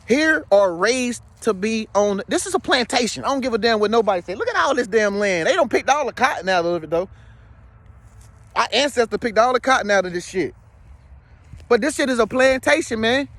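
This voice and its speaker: A man's voice: very high voice, expressive, normal speed, fairly bright tone, no echo. A man speaking to viewers in a casual, rambling monologue. He is emphatic and slangy, and keeps checking in with his listener. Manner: slangy, streetwise. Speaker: spiritual vlogger.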